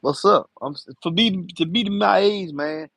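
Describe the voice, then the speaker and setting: Guy around 50 just rambling live, kinda raspy and higher voice, dry close sound. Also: measured pace, a bit bright, dry recording. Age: 50s. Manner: rambling, loose and talkative, full of slang. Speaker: live-stream host, enclosure builder. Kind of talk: casual live-stream chat.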